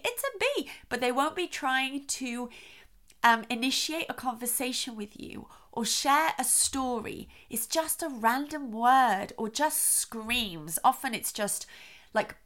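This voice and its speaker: A woman hosting a parenting podcast, explaining calmly and checking in with her listeners. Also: a little high. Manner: warm, reassuring, checks in with "okay?". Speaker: child sleep expert host.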